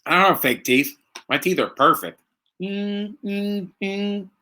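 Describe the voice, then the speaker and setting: A man's voice: fairly high pitch, lively intonation, a little slow, pushed and bright. A man hosting a casual live stream from home, tipsy from drinking, rambling and joking with lots of fillers. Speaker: host.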